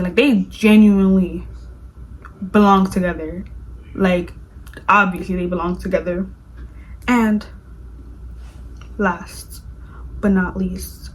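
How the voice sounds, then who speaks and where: A woman vlogger reviewing a movie in casual chat, gushing and animated, with lots of "like". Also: medium pitch, poor audio. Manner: gushing, animated, fills speech with "like".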